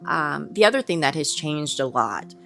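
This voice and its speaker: A low-pitched woman speaks as a guest educator, calm and patient in her explanations. Soft music plays faintly beneath the conversation. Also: normal speed, creaky. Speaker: early childhood educator, guest. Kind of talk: relaxed podcast conversation.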